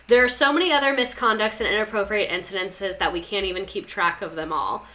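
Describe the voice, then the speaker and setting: Young woman podcast host, casual sarcastic chatter with a bright, sharp tone. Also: mid-range voice, fast. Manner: chatty, sarcastic, repeats words for comic effect. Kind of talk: casual chat reading listener stories.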